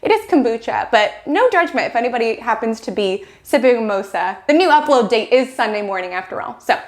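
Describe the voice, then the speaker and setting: A woman's voice: fairly high pitch, animated, a little fast. A young woman hosting an astrology show, talking in a bubbly, chatty way and acting out dramatic quotes. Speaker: astrology channel host. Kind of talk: casual chat to camera.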